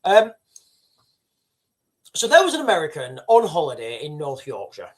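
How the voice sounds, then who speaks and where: A man's voice: on the high side, huge pitch swings, normal speed. A middle-aged British man hosting a livestream, rambling and sidetracking as he talks to his chat. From United Kingdom. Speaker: livestream host. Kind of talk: casual livestream commentary.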